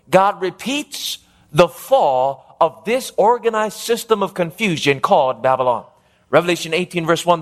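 A man with a notably high voice delivers an emphatic evangelistic sermon. He reads scripture aloud and keeps pausing to quiz the congregation. He drags out the words he wants to land. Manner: emphatic, call-and-response questions to the congregation; slows down and stretches key phrases for emphasis. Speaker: preacher.

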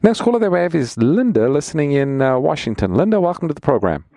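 A man's voice: fairly high pitch, sing-song, fast, noisy background. A man co-hosting a call-in radio Bible show as pastor, introducing callers and reading out offers in an announcer-like way.

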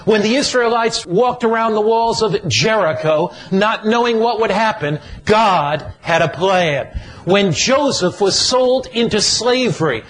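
Guy preaching a sermon, high voice, slow and emphatic, lots of repeated lines. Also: expressive, a bit bright, rough recording.

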